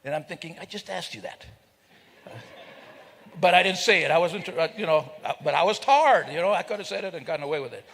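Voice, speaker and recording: A man's voice: a little high, lively intonation, fast, creaky, few pauses, fairly bright tone. An older man telling a funny story to a live audience, joking and teasing people in the crowd. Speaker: speaker at a celebration. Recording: reverberant hall.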